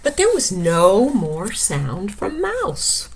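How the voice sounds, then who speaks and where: A woman reading a picture book aloud for children, gently explaining words and dropping into whispers. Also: medium pitch, wildly swooping pitch, slow, slight background noise.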